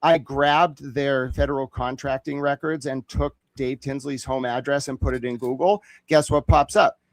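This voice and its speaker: A man, a guest in a conversation, telling a story fast and excitably, swearing often and acting out what others said. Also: mid-range voice, no echo. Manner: profane, rapid, excitable, acts out quotes.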